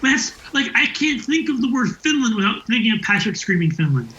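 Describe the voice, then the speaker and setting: A young man co-hosting a casual podcast, excitable, often stumbling and repeating words. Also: very high voice, fairly quick. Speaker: podcast co-host. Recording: dull lo-fi sound with faint noise.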